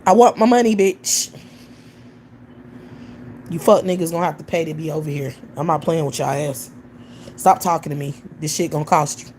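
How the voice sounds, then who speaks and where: A woman's voice: deep voice, steady tone, fast talker, a little mellow, slight background noise. A woman hosting a livestream, ranting bluntly with heavy profanity. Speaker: livestream host. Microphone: computer or phone mic on a livestream.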